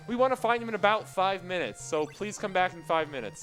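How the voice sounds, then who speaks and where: A man's voice: high-pitched, expressive, a little fast, fairly bright tone, soft background music, rough recording. A man commentating live on his speedrun of a game, explaining its mechanics in a joking, rambling way. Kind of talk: live commentary while playing.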